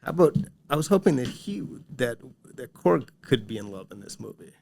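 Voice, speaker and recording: A man of middle pitch interviewing a guest, his questions coming quick and eager. His voice is ordinary and even, neither deep nor high. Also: vocal fry, a little hiss or hum. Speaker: interviewer, magazine writer.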